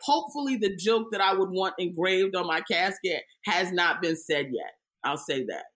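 A woman comedian from the United States talking casually on a podcast, telling animated stories with quick impressions. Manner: animated storytelling, bursts into high mock-wailing impressions. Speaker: comedian guest.

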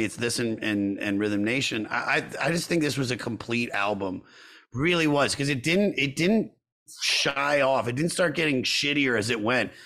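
A male podcast host talking loosely about music with a mid-range voice. He jumps in with quick restarts and repeats his phrases as he goes. His delivery is casual and animated. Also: medium pitch. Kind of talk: casual chat.

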